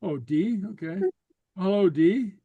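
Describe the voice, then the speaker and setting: A man teaching a Gaelic class over a video call, relaxed and full of fillers and repeated okays. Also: high-pitched, measured pace, breathy edge, no room sound, narrow, tinny audio.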